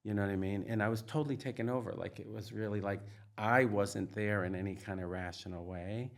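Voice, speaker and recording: A middle-aged man with a slightly low voice talks openly as a trauma expert guest. He is earnest and emphatic, circling back with "like" and "you know" as he explains. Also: steady tone, a little fast, vocal fry. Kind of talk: candid interview conversation.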